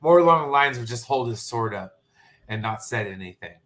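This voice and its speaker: A man's voice: mid-range voice, expressive, fairly quick, fairly bright tone. A man co-hosting a casual chat over a video call, laid-back and peppering his talk with "dude" and "man". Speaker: co-host.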